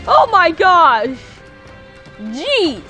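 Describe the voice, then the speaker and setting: Excitable woman let's player, very high voice, slow and bright. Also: soft background music, a faint crowd. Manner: excitable, squealing reactions. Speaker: gamer playing a video game. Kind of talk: let's play commentary.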